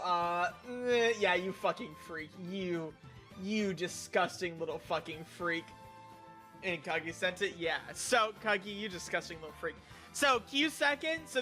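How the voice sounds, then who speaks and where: A man's voice: sits high, moderate pace, pushed and bright, soft background music. A young man streaming in a casual chat. He rambles, stammers and swears crudely, now and then bursting into mock outrage. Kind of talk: casual stream chat, reviewing viewer picks.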